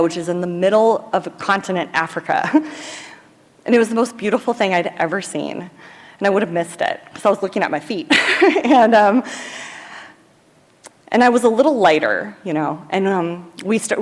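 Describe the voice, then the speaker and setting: A woman from Sacramento, California telling her recovery story to a live audience, chatty and informal, with lots of "like" and "um". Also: on the low side. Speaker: AA speaker. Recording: long hall reverb at a live event.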